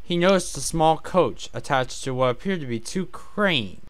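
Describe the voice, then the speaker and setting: A man narrating a children's train story in a lively, expressive read-aloud style. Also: fairly high pitch, normal speed, clear, resonant tone, no echo. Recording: music playing underneath.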